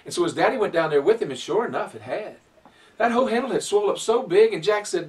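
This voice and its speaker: Animated storyteller man. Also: high voice, far from the mic. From Virginia, USA. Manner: animated, folksy, dramatic pauses. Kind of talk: oral folk storytelling to children.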